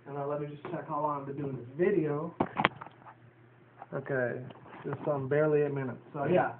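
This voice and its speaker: A man's voice: on the high side, steady tone, moderate pace. A man from New York City casually recapping a cartoon episode, rambling with lots of fillers and swearing. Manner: profane, filler-heavy, chatty. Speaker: show reviewer. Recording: tinny, roomy, distant, faint hiss.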